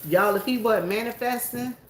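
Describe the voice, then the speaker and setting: A woman's voice: a little high, moderate pace, reverberant, slight background noise. A Southern woman chatting to her viewers in a folksy, storytelling way, alone in an empty church. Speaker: church worker and vlogger. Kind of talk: casual chat to viewers.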